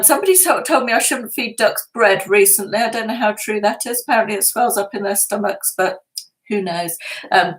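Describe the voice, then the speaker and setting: A woman's voice: on the high side, poor audio. Chatty woman in her fifties. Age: 50s. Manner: chatty, warmly greets viewers by name, laughs often. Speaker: lifestyle channel host. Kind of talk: casual live-stream chat. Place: at home indoors.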